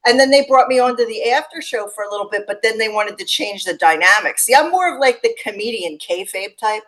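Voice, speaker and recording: A woman in her forties, a podcast guest chatting casually, telling her stories with lively acted-out quotes. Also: fairly high pitch, a little fast, poor audio. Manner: animated storytelling, acts out quotes. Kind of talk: casual interview chat.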